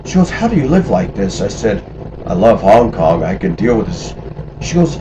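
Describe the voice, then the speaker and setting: This storyteller is a middle-aged man with a fairly low voice and a moderate pace, recorded with the highs cut off and some background noise. He casually recounts life abroad, animatedly acting out quoted voices.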